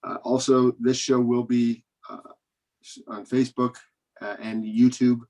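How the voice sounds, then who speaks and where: A man closes out a comedy show over a video call, thanking the comics and promoting future shows. He rambles, hesitates and restarts his sentences, speaking at an ordinary pitch. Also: little pitch movement, unhurried, darkish tone. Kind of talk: casual hosting, closing remarks.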